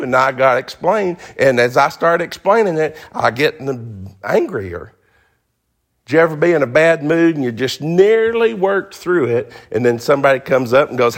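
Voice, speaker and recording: A man's voice: mid-range voice, animated, moderate pace. A male pastor preaching a sermon in a folksy, emphatic way, repeating phrases for stress.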